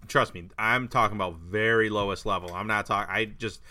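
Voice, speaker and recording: Man, podcast host, sharp bright voice, steady casual chat. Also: lowish voice, fairly quick.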